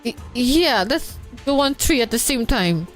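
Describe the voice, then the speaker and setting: A woman streamer giving casual, excitable game commentary, swearing and laughing often. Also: fairly high pitch, unhurried, soft background music.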